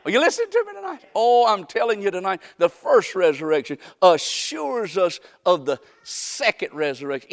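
A man preaching a sermon, shouting some lines and hushing others, with folksy repeated questions to his congregation. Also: high-pitched, gravelly. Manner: swings from shouted calls to hushed asides.

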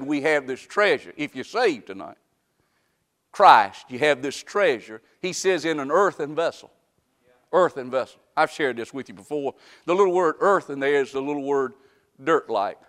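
High-voiced preacher in an echoing hall. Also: male voice, animated, normal speed. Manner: dramatic, swings from shouting to hushed, mocking asides. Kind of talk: sermon.

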